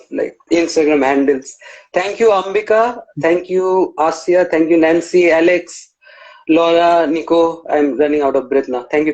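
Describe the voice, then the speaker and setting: A man's voice: a little high, low-quality recording. A man hosting a live-stream interview on a video call, chatting informally with fillers. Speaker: interview host. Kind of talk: casual live-stream chat.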